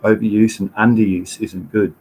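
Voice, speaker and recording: A man's voice: on the low side, little pitch movement, normal speed, darkish tone, slight background noise, low-quality recording. An Australian man in his fifties hosting a casual livestream, talking through slides in a rambling way, chatting to viewers and swearing casually. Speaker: livestream host.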